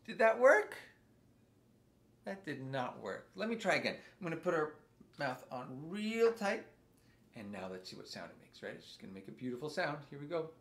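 A man's voice: a little high, very animated, normal speed, creaky, fairly bright tone. Playful man teaching kids music. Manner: playful, sing-song, coaxing kids to join in. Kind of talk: interactive music lesson for young children.

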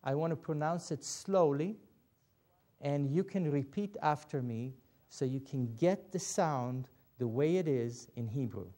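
A man teaching a Biblical Hebrew lesson, patient and deliberate, spelling out each step. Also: fairly high pitch, mellow. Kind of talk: slow instructional lesson.

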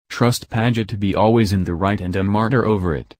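A man narrating an audiobook in an even, measured reading voice. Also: lowish voice, no echo, clean studio sound. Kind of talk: scripted narration.

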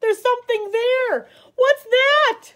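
A woman voicing a frightened little boy in a picture-book reading, speaking high, loud and anxious. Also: expressive, moderate pace. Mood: alarmed. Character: frightened little boy searching for his teddy.

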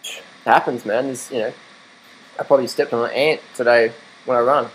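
A man's voice: medium pitch, steady tone, fairly quick, slight background noise, low-quality recording. A young Australian man in a casual vlog, rambling and laughing as he talks to his dog and argues his point. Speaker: vlogger. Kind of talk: casual rant to camera.

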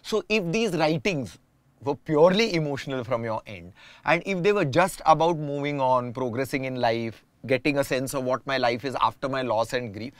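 A man's voice: medium pitch, normal speed, dry recording. A man, talking reflectively and at length as a guest in a casual conversation. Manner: reflective, explains at length with restarts.

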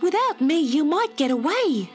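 A woman voicing a small, tender-hearted girl in a storybook, in a high, breathless, pleading voice. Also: big pitch swings, normal speed, soft background music.

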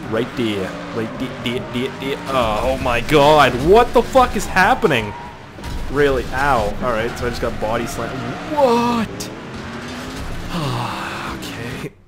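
A young Canadian man with a Canadian accent giving casual let's-play commentary, excitable and profane, yelping and swearing while he plays. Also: medium pitch. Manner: excitable and profane, yelps and swears at other cars. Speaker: gaming YouTuber. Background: game music and car engine sounds.

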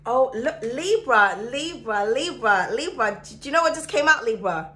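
A woman giving a chatty, excitable tarot reading to her viewers, her throat sore and coughing now and then. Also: a little high, moderate pace. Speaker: tarot reader. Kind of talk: casual astrology reading to camera.

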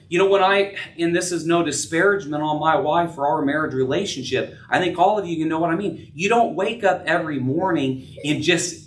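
A middle-aged man preaching a sermon as pastor, earnest, rising and dropping in pitch and loudness. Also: animated, normal speed, a little hiss or hum. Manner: earnest preaching, rises and drops in pitch and volume. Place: church sanctuary. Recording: echoey room, voice from a distance.

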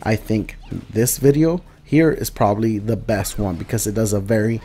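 A man giving joking, profane commentary over a fighting game, dropping into mumbled asides and rising into loud outbursts. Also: on the low side, moderate pace, breathy edge. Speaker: gaming video host. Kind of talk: casual gameplay commentary.

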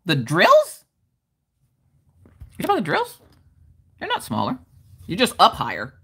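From her desk at home, a woman hosts a late-night crafting livestream, loud, bawdy and full of jokes. Her bright, forward voice leaps through huge pitch swings at an unhurried pace with a breathy edge. She reads viewer comments aloud in casual chat, laughing often between them.

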